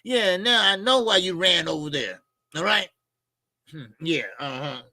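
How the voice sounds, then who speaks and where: On his boxing channel, a man vents opinions at a measured pace in a high, bright, forceful voice with no room sound. The rant is blunt, profane and mocking, with frequent fillers and lots of repetition.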